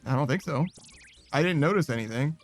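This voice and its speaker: A man's voice: fairly high pitch, lively intonation, fairly quick, faint music behind. A man chatting casually while streaming a game, rambling, swearing and laughing at himself. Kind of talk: casual chat while gaming.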